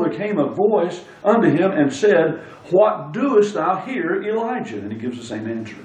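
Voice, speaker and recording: Emphatic preacher man in an echoey room. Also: fairly high pitch. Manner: emphatic, stresses single words. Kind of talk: sermon. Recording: echoey room, speaker far from mic.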